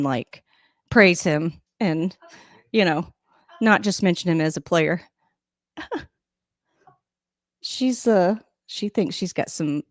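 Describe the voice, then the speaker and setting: A woman hosts a casual live stream from home and reacts to a game on TV. She talks in a loose, rambling way and laughs often. Her voice sounds dry and close, with no room echo. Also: mid-range voice.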